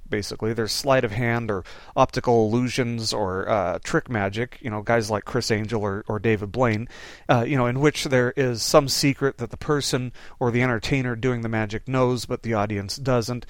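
A man's voice: mid-range voice, fairly even intonation, normal speed, dry recording, studio quality. A man hosting a Bible Q&A lesson, talking casually with plenty of fillers. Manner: conversational, loose, many "you know" fillers. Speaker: Bible teacher answering listener questions. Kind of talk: informal Q&A lesson.

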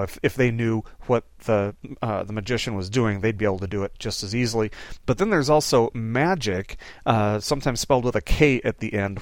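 A man with a lowish voice hosts an informal Bible Q&A lesson, recorded in a clean, echo-free studio. As a teacher answering listener questions, he talks loosely and conversationally, dropping in plenty of "you know" fillers.

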